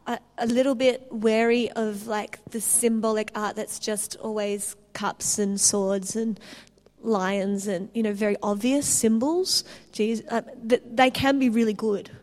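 A woman preaching a sermon, telling stories in an animated way with restarts. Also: a little high, a little slow. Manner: animated storytelling with laughs and restarts.

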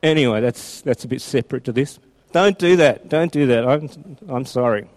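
A man preaching a sermon, mixing chatty asides with animated scripture reading. His voice is mellow and warm, sitting at an average pitch. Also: brisk.

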